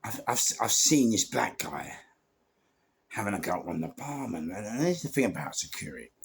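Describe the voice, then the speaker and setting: A low-voiced man tells his old doorman stories in a loose, rambling podcast style. His voice is gravelly and husky, and he keeps circling back with fillers and repeated words. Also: sing-song, moderate pace. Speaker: former doorman and security firm owner telling stories. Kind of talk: casual podcast storytelling.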